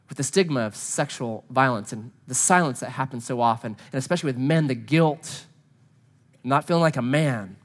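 A married man telling a personal story in a sermon to a gathering. He speaks earnestly, dropping to hushed low tones and then building to emphatic pleas. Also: animated, normal speed. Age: adult, married.

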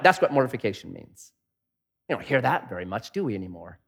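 A middle-aged man preaching a sermon, telling stories and swinging between punchy lines and hushed asides. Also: medium pitch, wildly swooping pitch, normal speed, long pauses, slightly rough. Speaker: pastor. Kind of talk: sermon with storytelling.

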